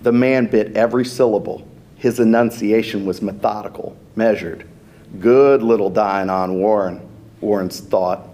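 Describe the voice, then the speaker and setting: A man, an author, reading his fantasy story aloud in a steady, unhurried narration. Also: fairly low pitch.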